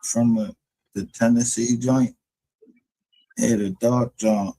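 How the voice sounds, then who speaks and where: A man's voice: mid-range voice, level tone, takes it slowly, mellow, low-quality recording. A man hosting a livestream, rambling in casual, profane commentary and laughing often. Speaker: livestream show host.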